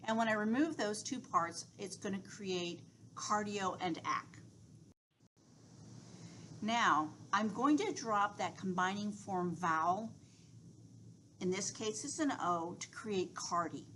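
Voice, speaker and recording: A woman's voice: mid-range voice, slow pace, a bit bright, slight background noise, low-quality recording. A woman instructor giving a recorded lecture, explaining step by step with reassuring asides and frequent fillers.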